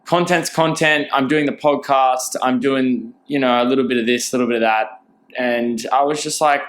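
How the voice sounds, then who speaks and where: A man's voice: mid-range voice, fairly even intonation, normal speed, fairly bright tone. A young man hosting a casual solo podcast, chatty and rambling, with lots of fillers and restarts. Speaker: podcast host.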